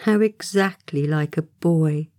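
Low, warm-voiced woman reading a storybook. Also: a little slow, no echo, clean studio sound. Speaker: audiobook narrator. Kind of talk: scripted storybook narration.

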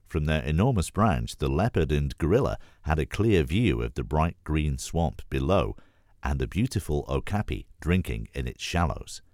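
A man reading a children's storybook aloud for an audiobook audition, with clear, steady storytelling. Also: rumbling low, normal speed, dry recording, clean studio sound. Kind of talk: scripted storybook narration.

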